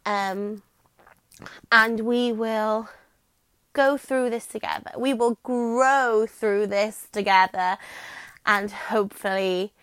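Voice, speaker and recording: A woman's voice: mid-range voice, a bit bright, clean tone. A young Welsh woman hosts her own podcast, rambling along in a chatty, self-deprecating way. She talks into a microphone while lying on her bed. The sound is dry and close, with no room echo. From Wales. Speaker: podcast host. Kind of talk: casual chat.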